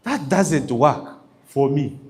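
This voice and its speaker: A man's voice: on the high side, expressive, takes it slowly, a little mellow. A man giving a motivational business talk to an audience, emphatic and checking in with his listeners. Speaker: business coach.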